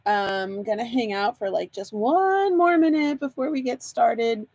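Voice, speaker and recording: A woman's voice: a little high, measured pace, darkish tone. A woman hosting a live card-making demo, chatty and bubbly, laughing often and greeting viewers by name.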